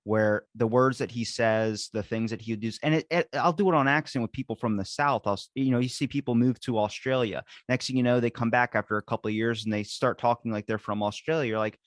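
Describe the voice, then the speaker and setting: A man's voice: mid-range voice, quick pace, few pauses, dry recording. A man from Maryland hosts a casual podcast chat, his voice in a middle register. He rambles through his thoughts with many restarts and "likes", recorded in a dry, close space. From Ocean City, Maryland. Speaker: podcast host.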